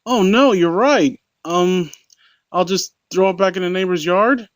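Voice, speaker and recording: A man voicing an excitable little boy who yells in make-believe pirate play, in an amateur story reading. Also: high voice, unhurried, dry recording, studio quality, pitched above the performer's own voice. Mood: panicked. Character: lonely excitable little boy, playful then panicky.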